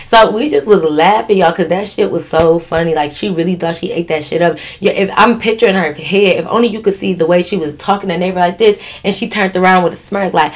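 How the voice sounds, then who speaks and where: Animated, giggly woman telling a story. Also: fairly low pitch, fairly quick, hardly any pauses. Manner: animated, profane, keeps breaking into laughter. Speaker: vlogger. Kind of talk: casual storytime.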